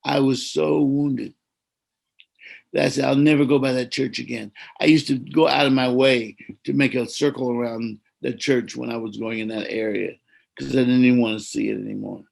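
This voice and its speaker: American priest, gravelly mid-range voice, gentle reflective storyteller on a video call. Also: male voice, mid-range voice, steady tone, normal speed, low-quality recording. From United States. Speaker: Orthodox priest. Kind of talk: personal storytelling in a conversation.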